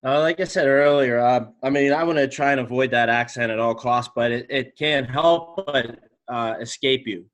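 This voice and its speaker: A man's voice: mid-range voice, moderate pace, fairly bright tone, lo-fi sound. A man from the Pittsburgh area, a guest in a casual, tipsy chat, talking hesitantly with wry remarks. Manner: hesitant, many fillers and restarts, wry.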